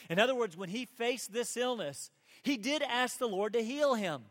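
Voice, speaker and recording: Earnest high-voiced male preacher in hall. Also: expressive, moderate pace. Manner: earnest preaching, rising to emphatic peaks and dropping to soft asides. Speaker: pastor. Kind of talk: sermon. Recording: long hall reverb.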